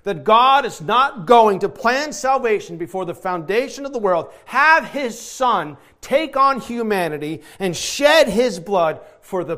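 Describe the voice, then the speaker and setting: A man preaching a sermon, emphatic, moving from hushed reflection to shouted declarations. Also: on the high side. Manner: emphatic, swings from quiet to shouting.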